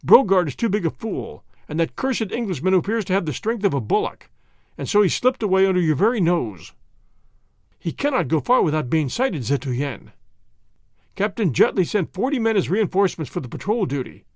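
A man's voice: sits high, very animated, moderate pace, darkish tone, no room sound, studio quality. A man reading as a nervous, stammering secretary. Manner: stammering, eager to please. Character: nervous deferential male secretary.

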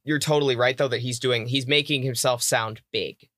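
Podcast co-host, male, American, bright tone, dry close sound, knowledgeable explainer. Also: medium pitch, steady tone, a little fast, dry recording. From United States. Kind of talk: casual chat.

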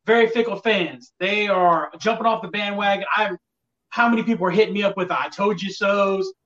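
A high-pitched man talks football in a loose, rambling way, sounding put out by fickle fans. He sits back from the mic, and the recording is dull and lo-fi. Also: fairly quick, a bit bright, far from the mic. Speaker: podcast co-host. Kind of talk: casual sports talk.

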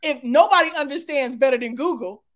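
A woman's voice: high voice, a little fast. A woman hosting a casual interview, encouraging her guest with chatty asides. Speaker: host.

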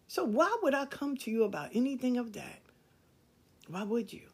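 Speaking at a normal speed, the middle-aged host has a high-leaning, sing-song voice that's a little mellow with a breathy edge. She delivers a candid, preachy monologue straight to listeners, emphatic and blunt, cursing liberally.

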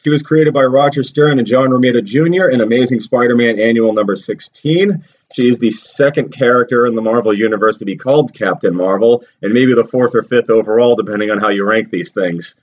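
A man hosting a podcast, summarizing plots in a steady, casual way. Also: medium pitch, lo-fi sound. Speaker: podcast host. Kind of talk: casual recap chat.

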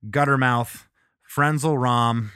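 A man's voice: mid-range voice, fairly even intonation, slow, fairly bright tone, clean tone, no room sound, studio quality. A middle-aged man, a touring musician and the guest, telling stories in a rambling way with frequent laughs and restarts. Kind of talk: casual interview storytelling.

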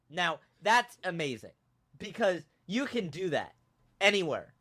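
A young man hosting a podcast, telling a funny story with animated, self-mocking drama and big swings in his voice. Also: high voice, measured pace. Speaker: podcast host. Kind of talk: comedic storytelling in casual chat.

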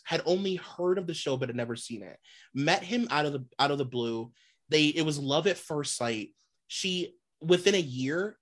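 Blunt, swearing woman gossiping. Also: deep voice. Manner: blunt, swears freely, emphatic and exasperated. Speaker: podcast co-host. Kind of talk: casual chat, gossip about reality TV.

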